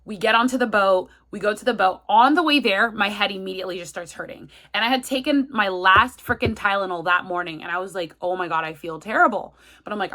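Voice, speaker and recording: Thirties woman, casual story-time vlogger, bright voice of medium pitch, sounds feverish and worn down. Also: fast talker, hardly any pauses. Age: 30s. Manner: chatty, retelling with quoted asides. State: sick and feverish. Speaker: travel vlogger.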